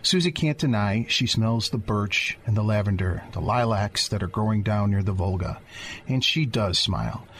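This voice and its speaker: A man's voice: on the low side, moderate pace, a bit bright. A man narrating a radio drama, describing the scene and speaking directly to the listener. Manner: descriptive storyteller, addresses the listener.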